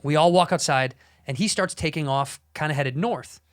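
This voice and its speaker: A man co-hosting a podcast, telling an animated, profane story in casual talk with frequent restarts. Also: fairly high pitch, moderate pace. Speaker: podcast co-host.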